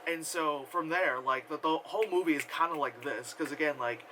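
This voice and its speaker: A man's voice: a little high, normal speed, pushed and bright, a little hiss or hum, poor audio. A man giving a casual, rambling film review full of fillers and offhand swearing. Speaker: movie reviewer.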